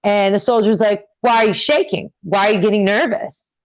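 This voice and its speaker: A young woman telling a personal story in an interview, talking casually with many fillers and getting animated and higher when upset. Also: brisk, no echo, lo-fi sound. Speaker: interview guest.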